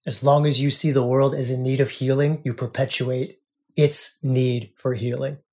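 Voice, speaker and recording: A man's voice: mid-range voice, flat delivery, normal speed. Earnest man hosting a spiritual podcast. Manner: earnest, repeats phrases, softens to a hush at times. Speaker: podcast host.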